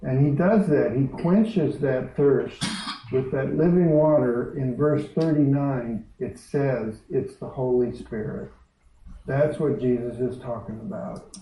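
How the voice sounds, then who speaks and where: A man preaching a sermon in a church, talking in an unhurried, conversational way and reading a story aloud. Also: mid-range voice, warm tone, slight background noise. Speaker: pastor. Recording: echoey hall, distant dull mic.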